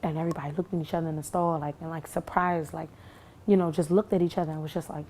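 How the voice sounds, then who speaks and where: A young woman tells her story in a low, gravelly voice with a dark tone. She talks haltingly, full of fillers and restarts, in a testimony given to camera. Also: fairly even intonation, a little hiss or hum. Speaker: shooting survivor.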